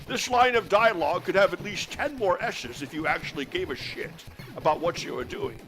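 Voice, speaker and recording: A man's voice: high voice, brisk, fairly bright tone, rough recording. A man putting on a drawling impression of an elderly professor father with a slurred, lispy S, rambling while playing a game. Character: gruff elderly Scottish professor father, lecturing. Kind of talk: comedic impression during a game stream.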